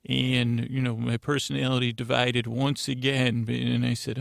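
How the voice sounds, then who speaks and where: A man's voice: mid-range voice, level tone, normal speed, vocal fry, dry recording, studio quality. A man hosting a bedtime podcast, rambling and meandering with many restarts. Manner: meandering, self-interrupting, drowsy. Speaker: podcast host.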